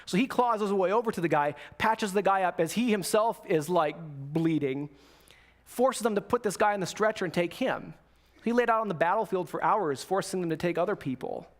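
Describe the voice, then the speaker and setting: A man's voice: high voice, expressive, a little fast. A young man preaching a sermon as a pastor, telling a story in a casual way and acting out the voices of the people in it.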